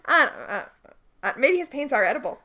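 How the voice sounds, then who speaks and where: A slightly high, bright and forceful female voice, pitch rising and falling widely line to line, at a fairly quick pace. She's co-hosting a laid-back podcast, walking through a TV episode with animated, enthusiastic storytelling.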